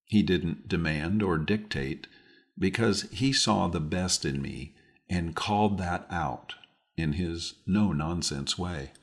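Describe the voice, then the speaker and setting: A middle-aged man with a very deep, low voice hosts his own podcast. He delivers a scripted, reflective monologue at a measured, deliberate pace, like a seasoned speaker sharing hard-won lessons. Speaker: podcast host.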